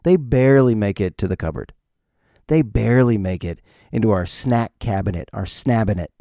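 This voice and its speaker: Gravelly rambling podcast host. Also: male voice, lowish voice, moderate pace, mellow, no echo, clean studio sound. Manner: rambling, jokey, talks to himself. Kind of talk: solo comedic podcast monologue.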